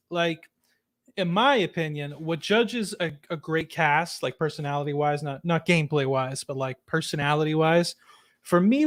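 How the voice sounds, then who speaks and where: A man's voice: fairly high pitch, fairly bright tone. A man hosting a casual podcast chat, rambling along with lots of fillers and restarts. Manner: chatty, rambling with many fillers. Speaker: podcast host.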